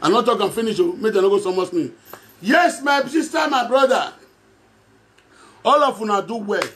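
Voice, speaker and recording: A man with a Nigerian Pidgin accent from Edo State speaks straight to his followers in a high voice. He rambles and repeats phrases, often chuckling between lines. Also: a bit bright. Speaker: self-styled prophet addressing followers. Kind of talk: direct-to-camera monologue.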